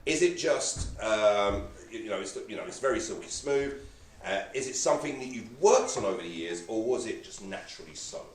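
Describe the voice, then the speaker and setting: A man's voice: on the low side, animated, a little fast, far from the mic. Man hosting a live Q&A, echoey room. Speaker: host. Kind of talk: reading submitted questions.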